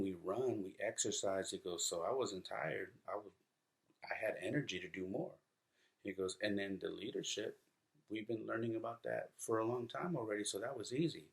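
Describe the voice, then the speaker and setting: A man's voice: sits low, vocal fry. A man in his thirties hosting a casual podcast, rambling through stories with fillers and restarts and acting out his sons' quoted words. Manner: acts out quoted voices of his sons. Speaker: podcast host. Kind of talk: casual solo podcast talk.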